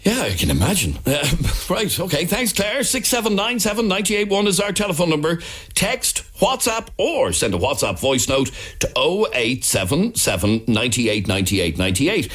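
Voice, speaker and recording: A man's voice: a little high, big pitch swings, normal speed, a bit bright. A man with an Irish accent hosting a radio phone-in, talking with many hesitations and restarts. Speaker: radio talk show host.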